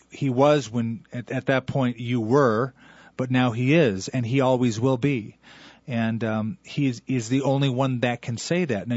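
A man's voice: mid-range voice, dry recording, muffled recording. A man teaching as a radio Bible host, explaining a verse to a caller in an earnest, lecturing way.

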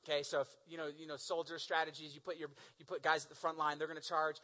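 A male preacher delivers a sermon in a lively, storytelling way, dropping into slang and asking the listeners to imagine themselves in the story. His voice is high for a man and sounds bright and edgy. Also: fast talker, few pauses, low-quality recording. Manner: animated storytelling, casual slang. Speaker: pastor.

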